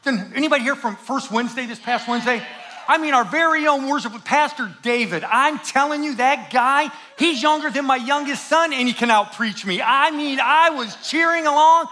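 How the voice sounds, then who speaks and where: Bright-voiced man preaching a lively sermon. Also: very high voice. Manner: lively and joking, then hushed and slow in prayer. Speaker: guest pastor. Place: church in front of a congregation.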